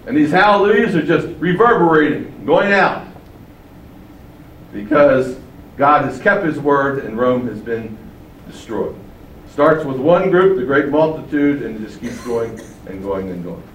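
A man preaching a sermon, emphatic and fond of rhetorical questions, his loudness swinging widely from phrase to phrase. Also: mid-range voice, animated, measured pace, slight background noise. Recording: echoey room from far off, faint ambience.

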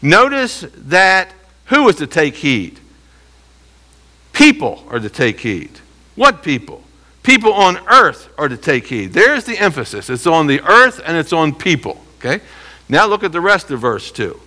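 A forceful, bright-voiced man leads a Bible lesson, walking through the text verse by verse. He sits a little high in pitch for a man and keeps pulling listeners in with rhetorical questions. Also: big pitch swings, a little slow. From United States. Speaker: Bible teacher.

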